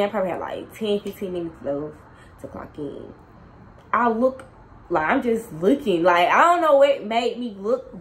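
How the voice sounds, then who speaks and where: Young woman spilling a storytime, lots of slang, talks right at the viewers, mid-pitched, faint hiss behind. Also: poor audio. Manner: animated, slangy, addresses viewers directly. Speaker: storytime vlogger. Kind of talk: casual storytime chat.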